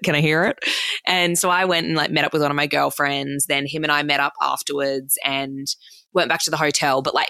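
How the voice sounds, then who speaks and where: A woman's voice: sits low, creaky, fairly bright tone, dry recording. A young Australian woman casually telling a dating story, chatty and swearing freely, full of "like" and acted-out quotes.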